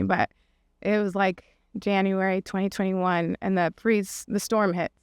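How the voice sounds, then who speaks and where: A woman's voice: medium pitch, fairly even intonation, a little slow, clear, resonant tone, no echo, studio quality. A middle-aged woman, a podcast guest, telling a personal story in a casual, chatty way, full of fillers and "like"s, acting out the quoted voices.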